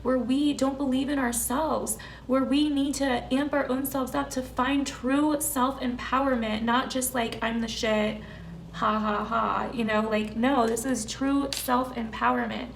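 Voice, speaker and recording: A woman's voice: sits high, fairly even intonation, unhurried, creaky, few pauses, slight background noise. A young woman giving an earnest, emphatic tarot reading to camera in a casual way, full of "like" and "you know". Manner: earnest, emphatic, filler-heavy. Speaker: tarot reader.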